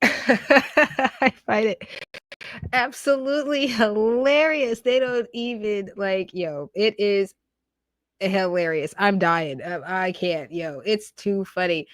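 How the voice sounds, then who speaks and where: A woman's voice: medium pitch, lively intonation, takes it slowly, dry recording. Emphatic woman host, dry sound. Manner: emphatic, laughing, slangy with "yo" and "okay". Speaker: commentary show host. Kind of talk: opinionated commentary.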